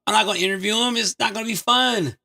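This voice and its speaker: A man co-hosting a podcast, joking loudly and casually, swinging between high yells and low mumbles. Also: fast, gravelly. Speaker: podcast co-host.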